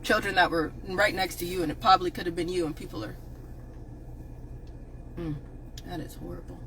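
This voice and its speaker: A woman on a livestream, angrily ranting to viewers, swearing and often shouting. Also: on the low side, a little fast, noisy background. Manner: angry, profane, repeatedly shouting at viewers. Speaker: advocate on a livestream. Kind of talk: impassioned livestream rant.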